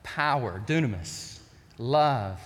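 A middle-aged male pastor preaching an impassioned sermon, swinging from shouts to quiet storytelling. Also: medium pitch, lively intonation, slow pace. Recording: long hall reverb.

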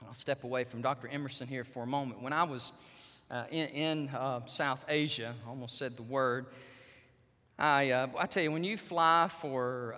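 Pastor, man, bright high voice, animated sermon, reverberant church hall. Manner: animated preaching that swings from quiet asides to loud emphatic peaks. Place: church sanctuary.

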